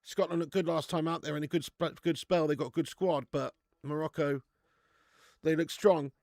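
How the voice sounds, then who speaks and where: A man's voice: a little high, fairly even intonation, moderate pace, a little mellow, no echo, studio quality. A man hosting a live football watch-along, chatting casually, bantering and reading out viewers' comments. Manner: jokey, banter-filled, reads out chat comments.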